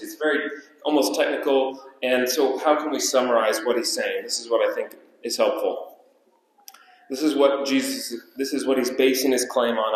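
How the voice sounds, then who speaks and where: A man preaching a sermon as pastor, with emphatic delivery that repeats key phrases and slows down for weight. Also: medium pitch, slight background noise. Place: church sanctuary. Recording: echoey church hall.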